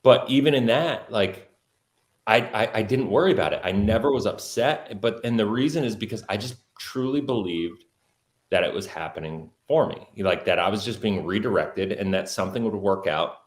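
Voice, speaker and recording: Male guest, low voice, earnest storyteller, echoey room. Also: animated, moderate pace. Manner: earnest, many fillers like "like". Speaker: podcast guest, entrepreneur. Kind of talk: personal storytelling in an interview.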